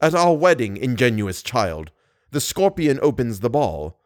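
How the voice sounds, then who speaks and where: A man voicing a cold, menacing masked genius who speaks slowly and with icy composure. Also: medium pitch, big pitch swings, no room sound, clean studio sound. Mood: coldly menacing. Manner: slow, deliberate, icily composed.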